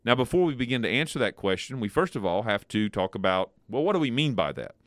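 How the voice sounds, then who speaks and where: A playful male podcast host who chats casually, his pitch swinging widely as he talks. His voice sits in a middle register. It is recorded dry and close in a studio. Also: quick pace, no echo. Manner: playful, animated questioning. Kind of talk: casual chat.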